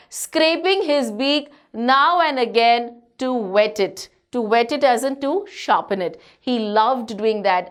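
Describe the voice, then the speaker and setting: A woman teacher with an Indian English accent who reads story lines slowly and then explains them to students in simple words. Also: a little high.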